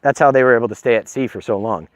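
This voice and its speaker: A man's voice: mid-range voice, racing, dry recording. A middle-aged man rambling casually into a handheld phone, with many ums, and short of breath. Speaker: vlogger sharing health advice. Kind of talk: casual filmed talk. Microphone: handheld phone on a stabilizer.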